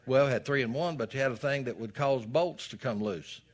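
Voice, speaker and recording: A man's voice: medium pitch, fairly quick. An older man preaching a sermon as a pastor, folksy and storytelling, with dramatic rises in his reading.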